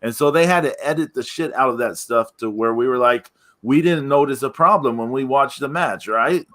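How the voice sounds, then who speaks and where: A man's voice: medium pitch, moderate pace, fairly bright tone. A man hosting a wrestling podcast in casual chat, rambling with many restarts. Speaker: podcast host.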